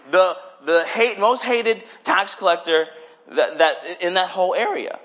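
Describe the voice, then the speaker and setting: A young man giving a casual sermon, animated, often acting out little voices for the people he talks about. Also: sits high, moderate pace. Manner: animated, acts out voices in quotes. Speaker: preacher.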